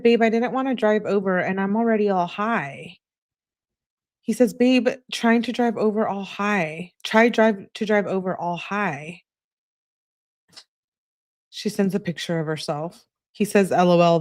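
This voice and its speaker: A woman hosting a true crime channel, reading text messages aloud in an easygoing way and chatting to her viewers between them. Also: medium pitch.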